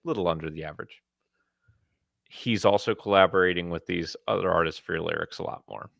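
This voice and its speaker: Gravelly low-voiced man, wry podcast co-host. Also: a little fast, a bit bright, no echo, studio quality. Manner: wry, joking. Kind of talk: casual review chat. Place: live podcast recording.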